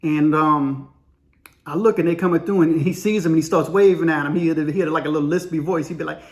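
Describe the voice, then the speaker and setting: A man's voice: fairly high pitch, fast. A man telling a story in a rambling, slangy way, full of fillers. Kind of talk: casual spoken storytelling.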